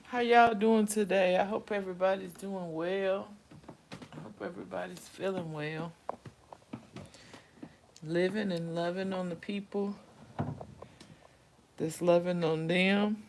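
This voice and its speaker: A woman's voice: lowish voice, steady tone, unhurried, creaky, long pauses, darkish tone. A woman hosting a casual livestream chat, calling her viewers sis and honey and saying she keeps pressing on though she is tired. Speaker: livestream host. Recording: roomy room sound, faint background noise.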